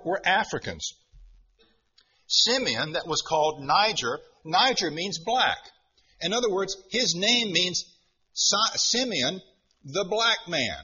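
A man teaching through a Bible passage in a sermon, deliberate and emphatic, repeating his key points. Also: high-pitched, sharp tone, slightly rough. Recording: dull lo-fi recording.

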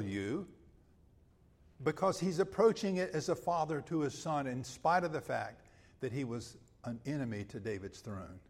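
A man preaching a sermon and reading scripture, with emphatic, drawn-out phrases that swell loud and then drop to a hush. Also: mid-range voice, animated. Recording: long hall reverb.

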